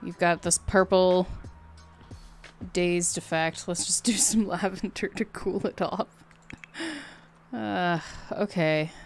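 A woman's voice: fairly low pitch, clean tone. A woman giving casual, chatty commentary over her life-sim game, talking to her characters and laughing often. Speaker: gameplay streamer.

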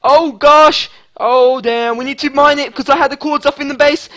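High-voiced, excitable male gamer. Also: moderate pace, few pauses. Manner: excitable, stammering, swings from shouting to whispering. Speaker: gaming channel host. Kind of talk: excited gameplay commentary.

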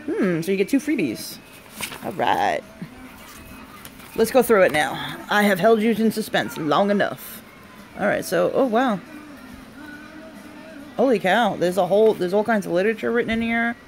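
A young woman hosting a casual live unboxing stream, chatty and excitable, often breaking off with delighted exclamations and asides to her family. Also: mid-range voice, moderate pace, pauses often, soft background music. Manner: breaks off to talk to family off camera.

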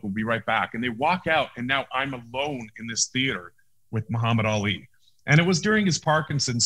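A man talks as a guest over a video call. His voice sits at a medium pitch, and he tells his story with animated energy, restarting his phrases and acting out what people said. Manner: animated storyteller, many restarts, acts out quotes. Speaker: interview guest, actor. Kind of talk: casual storytelling interview.

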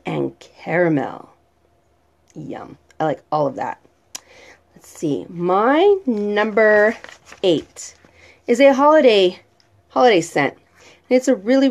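Slow-talking, lively-pitched woman vlogger. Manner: chatty, drawn-out, reads product descriptions aloud. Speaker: vlogger reviewing home fragrance products. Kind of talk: casual chat.

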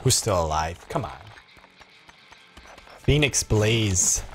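A man casually commenting on a co-op game while streaming, jokey and swearing, with sudden excited yells. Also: lowish voice, slow pace. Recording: game music and gunfire underneath. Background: game music and gunfire.

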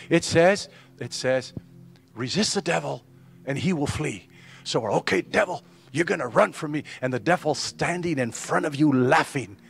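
Animated older man preaching a sermon. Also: fairly high pitch. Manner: animated, ironic and joking, many restarts. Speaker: pastor. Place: church sanctuary.

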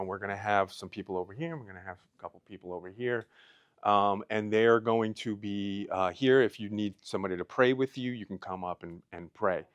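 In an event hall, a man in his thirties from Pennsylvania gives an emotional personal testimony, fighting back tears as he speaks. His voice is lowish, and the clean studio sound has no echo.

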